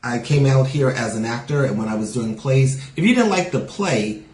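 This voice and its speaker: A man's voice: mid-range voice, animated, normal speed, a little mellow, reverberant, low-quality recording. A man with a New York accent tinged with Southern sounds, a stand-up comic chatting as a podcast guest with many "you know" fillers. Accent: New York with a Southern lilt. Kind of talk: casual podcast interview.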